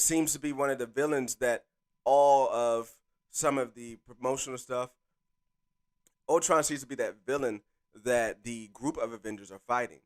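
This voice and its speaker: A man hosting a live stream in casual chat, hyped and talking straight to his viewers through a desk microphone. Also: medium pitch. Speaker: streamer host.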